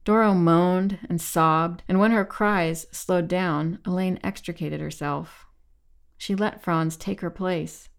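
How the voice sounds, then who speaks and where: A woman reading a novel aloud as narrator, in a measured, evenly paced delivery. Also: lowish voice. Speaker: audiobook narrator. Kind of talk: scripted narration.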